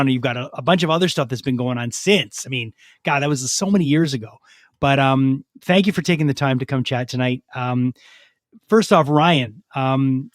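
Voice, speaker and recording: A man hosting a podcast in a studio, chatting casually and excitedly with lots of fillers, reading sponsor shout-outs. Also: medium pitch, dry recording. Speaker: podcast host. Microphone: studio microphone.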